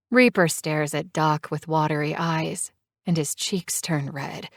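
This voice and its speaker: Brief: a deep-voiced woman reading a romance novel aloud, expressive, dry studio sound. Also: measured pace, vocal fry, no room sound. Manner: expressive, animated character voices. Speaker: audiobook narrator. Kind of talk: first-person romance audiobook narration.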